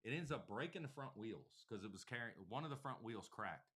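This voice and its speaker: Bright-voiced man hosting a casual show. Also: medium pitch, lively intonation, brisk, breathy edge. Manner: profane, rambling storyteller. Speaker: podcast host. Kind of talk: casual chat.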